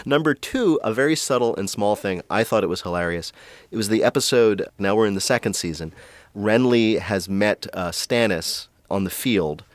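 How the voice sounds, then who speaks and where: A man co-hosting a podcast, talking with a lively, swooping pitch. He laughs easily and mimics other voices as he tells stories. The sound is dry and close. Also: moderate pace, no echo. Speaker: podcast co-host. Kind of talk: casual podcast chat.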